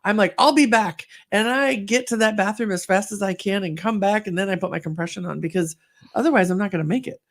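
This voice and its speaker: A middle-aged woman co-hosting a podcast, chatting casually and telling lively stories, acting out what people said. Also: medium pitch, fast. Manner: chatty storyteller, acts out quotes. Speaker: podcast co-host. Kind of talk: casual chat.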